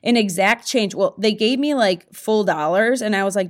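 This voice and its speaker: A woman's voice: mid-range voice, expressive, normal speed, few pauses. Young woman, podcast host, casual storytelling, profane and blunt.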